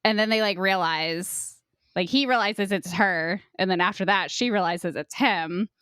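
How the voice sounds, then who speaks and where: A woman's voice: medium pitch, unhurried, fairly bright tone, clear, resonant tone, dry recording, studio quality. A young adult woman co-hosting a podcast, retelling a book's plot in a chatty way full of "like" and quoted asides. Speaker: podcast co-host. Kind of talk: casual book discussion.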